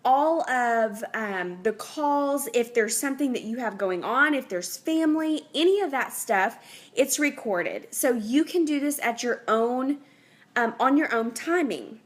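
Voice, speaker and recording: Young woman, health coach, slightly high voice; earnest, chatty, rambling, faith-centered. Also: expressive, measured pace. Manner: earnest, rambling, faith-driven, with many fillers and restarts. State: pregnant. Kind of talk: casual unscripted talk to viewers.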